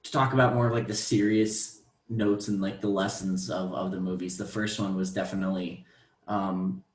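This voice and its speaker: Young male co-host, low voice, thoughtful and hesitant, in a roomy space. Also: flat delivery, moderate pace. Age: young adult. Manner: thoughtful, many ums and restarts. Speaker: podcast co-host. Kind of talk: casual movie discussion. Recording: roomy echo.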